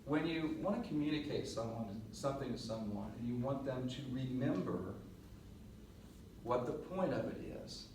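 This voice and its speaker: Middle-aged guy coaching a class, animated storyteller, far off mic, big echo, faint hiss. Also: mid-range voice, moderate pace. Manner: animated storyteller, laughs and acts out voices. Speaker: presentation coach. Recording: roomy echo, mic at a distance, faint noise.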